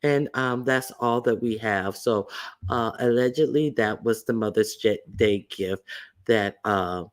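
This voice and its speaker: A man's voice: lowish voice, unhurried. A man hosting a livestream, giving blunt, sassy gossip commentary and greeting chat viewers between remarks. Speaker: livestream host.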